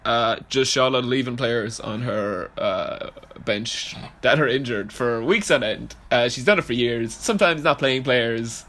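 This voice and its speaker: Bright-voiced young man joking on a podcast. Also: mid-range voice, unhurried, few pauses, a little hiss or hum. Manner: swearing, joking, animated. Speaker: podcast co-host. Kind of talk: casual podcast banter.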